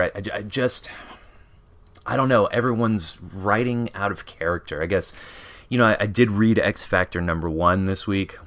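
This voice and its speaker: A man's voice: fairly low pitch, a bit bright. A man reviewing comic books in a casual vlog, rambling with lots of "you know" fillers and frequent chuckles. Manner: chuckles often while talking.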